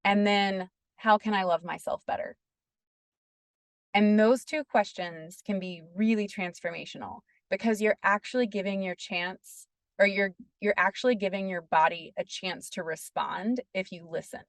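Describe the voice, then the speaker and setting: On a podcast, a woman guest recounts a personal story in an earnest, casual manner, saying "like" constantly. Her voice is mid-pitched and clean, with no echo, and she speaks at an ordinary pace.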